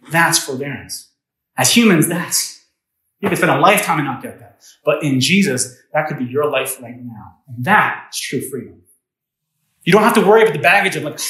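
A man's voice: a little high, animated, normal speed, pushed and bright, echoey room, rough recording. A man preaching a sermon as pastor, in a conversational way that asks the congregation questions. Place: church.

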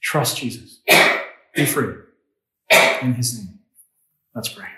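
A man's voice: medium pitch, lively intonation, slow pace, fairly bright tone, roomy sound, low-quality recording. A man preaching a sermon as pastor, in a conversational way that asks the congregation questions. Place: church.

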